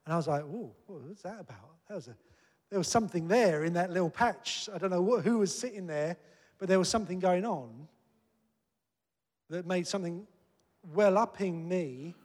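A man's voice: high-pitched, normal speed, long pauses, darkish tone. A man preaching a sermon in an earnest, conversational way that builds to emphatic peaks. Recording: long hall reverb.

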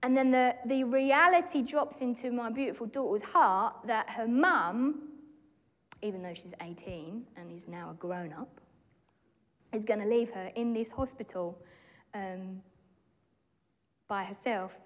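A British woman in her forties telling a testimony on stage with animated, excitable energy. Her voice sits a little high and rings through a long, echoey hall. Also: a little slow. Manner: animated, excitable storyteller who acts out quotes. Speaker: speaker giving a testimony. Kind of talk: storytelling testimony to a church gathering.

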